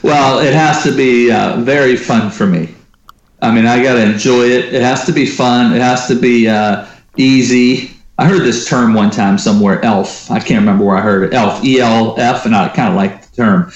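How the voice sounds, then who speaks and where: A man telling personal stories as an interview guest, lively and acting out the dialogue he quotes. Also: medium pitch, normal speed, muffled recording. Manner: animated storyteller who acts out quoted dialogue. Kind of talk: storytelling in a conversational interview. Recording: roomy echo.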